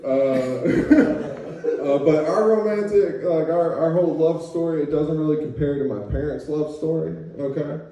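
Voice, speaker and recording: A comedian with a highish, dark-toned voice speaks a bit slowly during a crude, loose stand-up set at a comedy club, often throwing "okay?" to the audience. Heard from a distance in a roomy club recording, the crowd reacts and laughs.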